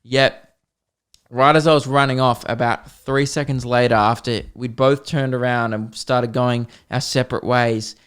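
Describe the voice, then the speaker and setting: A man's voice: medium pitch, steady tone, measured pace, a bit bright, smooth. A young man, a comedian hosting his podcast, telling a funny story and acting out both sides of the chat. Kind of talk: storytelling monologue.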